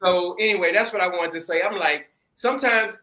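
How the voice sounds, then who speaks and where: A man's voice: high-pitched, fairly quick, sharp tone. A man chatting casually and bluntly, with slang and loose swearing. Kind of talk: casual chat. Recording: echoey room.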